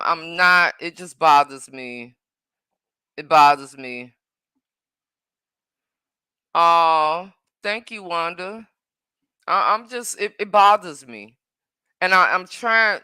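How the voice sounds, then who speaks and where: Lady going live on her phone at home, bright tense voice, dry close sound, keeps repeating herself and calling out commenters. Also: lowish voice, no room sound. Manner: emphatic, repeats herself, talks back to commenters. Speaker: live streamer. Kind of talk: casual live-stream chat. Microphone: phone livestream.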